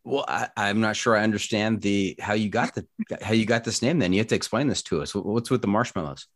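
Man hosting a podcast, low voice, joking and chatty, trips over words, dry close sound. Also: fairly quick, dry recording. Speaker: podcast host. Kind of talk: casual interview.

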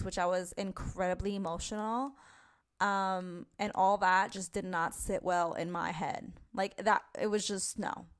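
A young woman from New talks in a loose, rambling podcast chat. She fills her talk with "like" and "um", restarts her sentences and swears casually. Her pitch sits in the middle of the usual range for women. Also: clean tone. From New York. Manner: chatty, swearing, many fillers and restarts. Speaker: podcast host.

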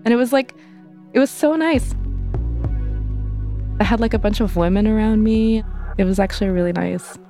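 A woman's voice: mid-range voice, moderate pace, long pauses, warm tone, faint music behind. A young adult woman telling her personal story as an interview guest, candid and conversational, full of fillers. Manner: conversational, many fillers, acts out quoted voices.

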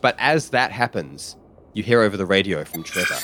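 A man narrating a tabletop game as game master, vivid and halting with restarts. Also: sits low, lively intonation, bright, forceful tone, slight background noise.

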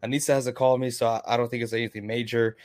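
A man's voice: medium pitch, level tone, very fast, darkish tone. A man with a mid-range voice co-hosts a casual podcast. He is chatty and emphatic and pushes his opinions hard. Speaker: podcast co-host. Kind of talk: casual fantasy football chat.

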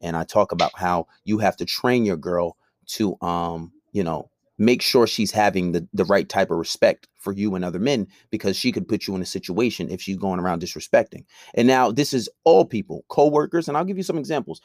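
A man's voice: low voice, fairly quick, hardly any pauses, darkish tone, no room sound, studio quality. Blunt, profane man ranting. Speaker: podcaster. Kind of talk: monologue to camera.

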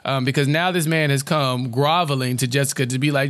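A man co-hosting a podcast in casual recap chat, animated, often acting out characters' lines. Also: medium pitch, no room sound, studio quality. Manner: animated, acts out characters' lines in quick bursts. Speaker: podcast co-host.

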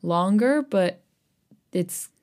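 A woman's voice: fairly low pitch, animated, very slow, a little mellow. A woman co-hosting a podcast, reading a story aloud and chatting casually, with laughter breaking in between passages. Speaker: podcast co-host reading fan fiction aloud.

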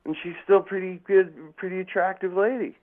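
Man guest, slightly high voice, swears constantly, rambles through anecdotes; phone-thin audio. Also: steady tone, moderate pace. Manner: profane, rambling, jokey, acts out quotes. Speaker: podcast guest. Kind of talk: casual storytelling chat. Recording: tinny phone-like line.

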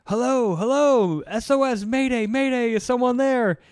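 A man's voice: extremely high pitch, moderate pace, darkish tone, smooth, dry recording, clean studio sound, pitched above the performer's own voice. A man playing a frantic sinking sailor. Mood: panicked. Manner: frantic pleading. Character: panicked sailor on a sinking ship.

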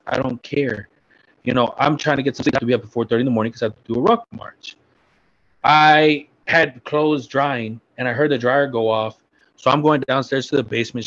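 A man's voice: medium pitch, fairly bright tone. A man in casual chat telling a blunt, profane story from his army days. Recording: dull lo-fi sound.

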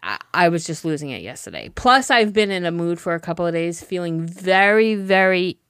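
A woman's voice: on the low side, big pitch swings, a little fast, fairly bright tone, smooth, no echo, studio quality. A middle-aged woman co-hosting a podcast, telling a story in casual chat and laughing through it. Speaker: podcast co-host.

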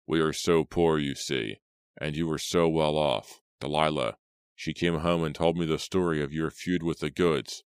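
A man voicing a frightened minister who begs loudly for his life in an audiobook. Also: very deep voice, steady tone, moderate pace, smooth, no echo, studio quality. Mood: pleading. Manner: begging and loud. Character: pleading frightened minister, middle-aged.

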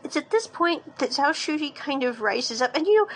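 Creaky-voiced woman recapping a drama. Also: high-pitched, expressive, moderate pace, poor audio. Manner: chatty storytelling with restarts. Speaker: drama reviewer. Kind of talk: casual episode recap.

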